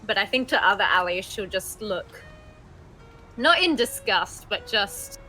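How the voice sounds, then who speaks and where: Slow-talking bright-voiced woman player. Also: mid-range voice, animated, faint music behind, low-quality recording. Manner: slow, thoughtful, laughs easily. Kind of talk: playing a tabletop game.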